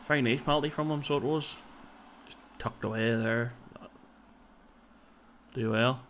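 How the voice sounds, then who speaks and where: Casting: man, mid-pitched, chatty let's-play commentary, thinking out loud. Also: fairly even intonation, slow, long pauses, a little hiss or hum. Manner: chatty, thinks aloud, tags lines with "so it did" and "like". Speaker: video game player and commentator. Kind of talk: casual gaming commentary.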